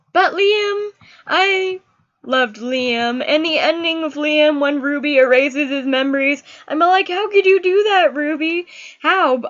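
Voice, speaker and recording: A young woman talks through a book review in a casual, gushing way. Her voice sits high, and she gets openly emotional about the characters. The recording is dull and lo-fi. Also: a bit bright.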